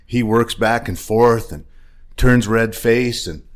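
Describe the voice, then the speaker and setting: A man co-hosting a casual podcast, telling a long joke story in an animated way. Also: medium pitch, slow pace. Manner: animated storyteller, laughs at own jokes. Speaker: podcast co-host. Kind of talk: casual chat.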